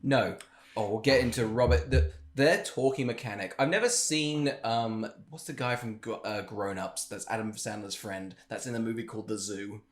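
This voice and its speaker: A man's voice: on the low side, moderate pace, reverberant. A man co-hosting a casual film review podcast, with sarcastic, dry jokes. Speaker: podcast co-host.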